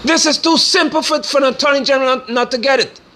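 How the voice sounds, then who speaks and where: Man, preacher-style political commentator, bright high voice, scornful and forceful delivery. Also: steady tone, fast, slight background noise. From Guyana. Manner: forceful, scornful, rising to sermon-like declarations.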